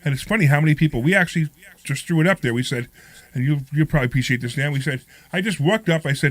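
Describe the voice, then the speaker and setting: A man's voice: on the high side, animated, very fast, fairly bright tone, dry recording. A man hosting a talk radio show, talking casually and repeating the call-in number again and again.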